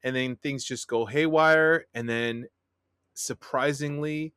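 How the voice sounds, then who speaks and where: A man's voice: mid-range voice, steady tone, slow pace, a bit bright, smooth, dry recording, studio quality. A man on a podcast, casually and eagerly recommending a film. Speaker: podcast co-host. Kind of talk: casual chat.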